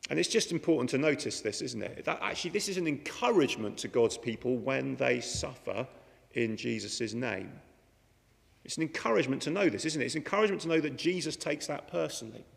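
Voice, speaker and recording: A man's voice: medium pitch, animated, a little fast, gravelly. A man preaching a sermon in a chatty way, often asking the listeners rhetorical questions. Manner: conversational, many rhetorical questions. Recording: long hall reverb.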